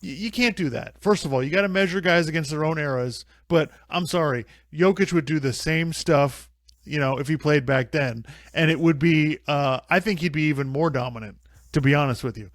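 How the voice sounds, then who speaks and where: A man with a somewhat high voice, making his case in casual podcast talk. He is emphatic and insistent, stacking up points. The sound is dry and close, with no room echo. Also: brisk. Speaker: podcast co-host. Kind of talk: casual chat.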